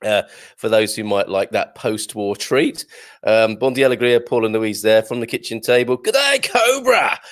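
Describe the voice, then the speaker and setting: Guy hosting a morning livestream, kinda low voice, lots of ums, reading out comments and saying hi to everyone. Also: little pitch movement, moderate pace. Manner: chatty, greets viewers by name, many fillers. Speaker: host of a live morning show. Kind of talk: live-stream chat, reading viewer comments.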